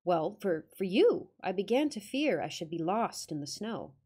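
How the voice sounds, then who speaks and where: A woman's voice: on the low side, very animated, normal speed, warm tone, slightly rough. A woman reading the lines of an earnest young male traveler, eager and polite as he asks for shelter. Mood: eager pleading. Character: earnest young man traveler lost in snow.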